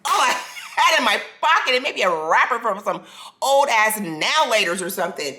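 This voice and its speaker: A woman in her forties telling a personal story to her own camera, animated and restarting sentences. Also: fairly high pitch, moderate pace, roomy sound. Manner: animated, restarts sentences, acts out quoted people. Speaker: vlogger. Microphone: self-filmed camera.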